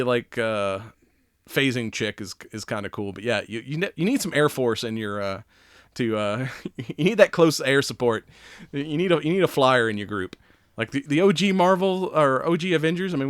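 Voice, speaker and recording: A man's voice: medium pitch, expressive, normal speed, smooth, no echo. Laughing, rambling podcast guy, dry sound. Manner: laughs often, swears, rambling with fillers. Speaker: podcast co-host. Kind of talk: casual chat.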